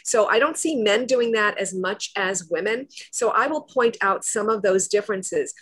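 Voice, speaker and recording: A woman speaking as a presentation coach, a guest on a video-call talk show, explaining in a confident, animated way. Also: medium pitch, moderate pace, breathy edge.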